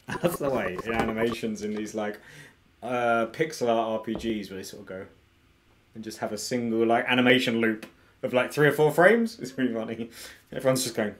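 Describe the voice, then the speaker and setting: A man's voice: medium pitch, fairly quick. A man chatting playfully while playing through a pixel-art game, with laughing asides. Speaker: gamer. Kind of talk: casual let's play commentary. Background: game music.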